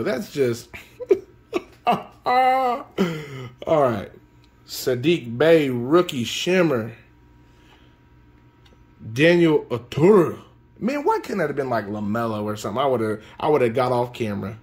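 A man hosting a card-opening video, chatting casually and breaking into excited shouts and laughter over his pulls. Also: mid-range voice, slow pace, long pauses.

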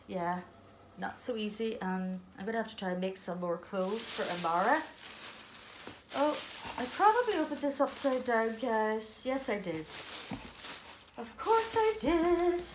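Woman, Irish accent, middle-aged, unhurried, gasps and exclaims over dolls, casual vlog chat. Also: fairly high pitch, noisy background. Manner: gushing, gasping, exclaiming "oh my goodness". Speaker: doll collector vlogger.

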